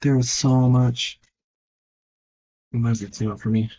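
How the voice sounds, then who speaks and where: A man's voice: medium pitch, fairly even intonation, a little slow, mellow, breathy edge, muffled recording. A man thinking aloud and judging his own work as he draws, in casual narration. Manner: muttered, self-critical thinking aloud. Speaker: digital artist. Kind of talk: casual narration while drawing.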